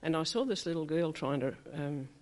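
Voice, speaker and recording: An older woman gives a personal testimony at a church meeting, telling it chattily and acting out quoted dialogue. Her low voice is animated and a little mellow, at normal speed.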